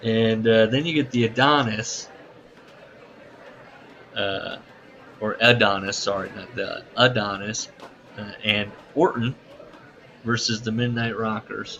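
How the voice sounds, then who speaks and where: Low-voiced man recapping with a bright edge. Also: slow, long pauses. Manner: animated storyteller who laughs at his own retelling. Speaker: podcast co-host recapping wrestling shows. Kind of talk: casual podcast chat. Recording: dull, slightly lo-fi podcast audio.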